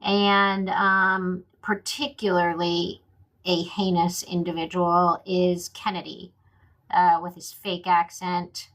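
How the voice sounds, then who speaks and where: A woman from Louisiana talks in her own Louisiana accent, unhurried and unrushed. Her voice sits a little low. She speaks bluntly and casually to her viewers, filling pauses with ums and uhs. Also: flat delivery, fairly bright tone, low-quality recording. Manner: blunt, outspoken, with frequent fillers. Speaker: vlogger. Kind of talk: casual political vlog.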